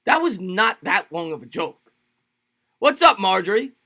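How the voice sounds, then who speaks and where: A man hosting a live sports stream, calling plays in quick bursts, greeting chatters by name and cracking jokes. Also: sits high, big pitch swings, pushed and bright. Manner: rapid play-by-play calls, greets chatters by name; jokey and loose, repeats phrases. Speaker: livestream sports host. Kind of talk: live play-by-play commentary and chat reading.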